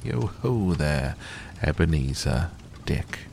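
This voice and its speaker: A hearty, jovial stout old merchant, as a deep-voiced man puts him on calls out in a rich, oily, comfortable voice. The tone sits low and slightly gravelly, unhurried, with a faint hiss behind it. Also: expressive, darkish tone, full character voice. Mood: jolly, hearty.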